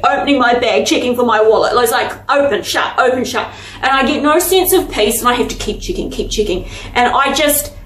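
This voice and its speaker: A woman's voice: fairly high pitch, roomy sound, poor audio. A woman with an Australian accent, a vlogger and author, telling a story to camera in a chatty, self-deprecating way. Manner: chatty, self-deprecating, addresses viewers as guys.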